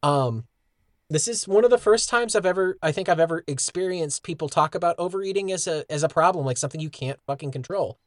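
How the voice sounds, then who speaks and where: A man co-hosting a podcast in casual chat, relaxed and earnest, swearing casually. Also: a little high, quick pace, no echo, studio quality. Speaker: podcast co-host.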